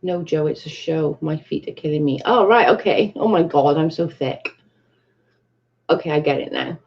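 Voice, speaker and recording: A British woman with a gravelly voice that sits low speaks at a moderate pace, the highs cut off in the audio. Casually livestreaming from her bedroom, she reads viewer comments aloud, chats, and swears freely.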